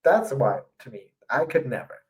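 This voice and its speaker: A man's voice: medium pitch, sing-song, normal speed, low-quality recording. Effusive, enthusiastic man co-hosting a podcast. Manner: enthusiastic and effusive, casual swearing. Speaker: podcast co-host. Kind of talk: casual chat.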